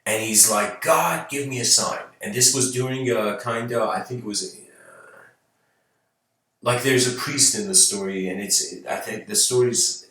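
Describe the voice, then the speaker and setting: Male host telling a story as a rambling lecture, low voice, bright tone. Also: steady tone, moderate pace. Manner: rambling, hesitant, many fillers and restarts. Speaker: channel host giving a talk. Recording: very echoey room, far from mic.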